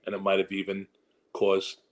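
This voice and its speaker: A man with a lowish voice tells stories from his acting career in a candid interview. He rambles through restarts and asides, then jumps into quoted voices with lively energy. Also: normal speed. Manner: animated storyteller who slips into quoted voices. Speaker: actor and guest.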